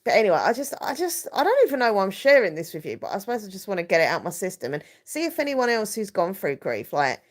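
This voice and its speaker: A woman's voice: mid-range voice, big pitch swings, fast talker, hardly any pauses. A woman hosting a live stream, talking in a rambling, emotional, confiding way with many fillers.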